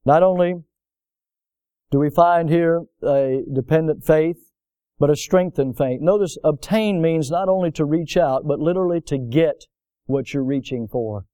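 A man preaching a sermon, telling folksy stories and swinging between loud emphasis and softer passages. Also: on the high side, no room sound, dull audio. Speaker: pastor.

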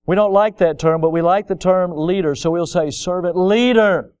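Middle-aged guy preaching a sermon, smooth clear voice, bit higher than most men, gets fired up and loud at the big points. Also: fairly even intonation, brisk. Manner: impassioned preaching, rising to emphatic peaks. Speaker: pastor.

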